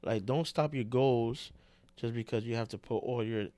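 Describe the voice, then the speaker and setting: An animated man co-hosting a casual podcast, full of slang and saying "bro" often. His voice sits at a middle pitch. The sound is dry and close. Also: normal speed, dry recording. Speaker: podcast co-host.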